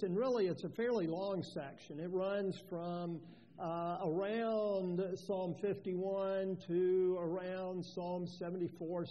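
A man preaching an expository sermon as pastor, earnest and emphatic, repeating key phrases. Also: sits high. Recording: dull lo-fi sound with long reverb.

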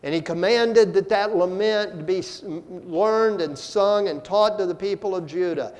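A male pastor preaching a sermon, slow and deliberate, with dramatic swings from soft to loud. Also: high voice. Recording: long hall reverb.

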